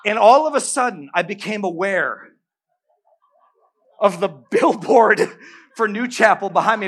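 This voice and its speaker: A middle-aged male pastor preaching a sermon, telling a story with humor and animated bursts. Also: high-pitched, measured pace, pauses often, slight background noise.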